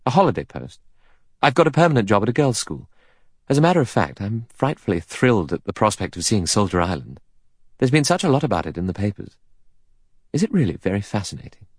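A man with a deep voice voicing a brisk, eager young female secretary in a storybook reading. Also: big pitch swings, no echo, studio quality. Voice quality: crisp, bright and decisive.

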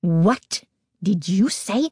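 A woman reader voicing an angry, protective mother with a shrill, demanding tone in a storybook reading. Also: very animated, normal speed, warm tone, no room sound, clean studio sound. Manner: demanding, indignant.

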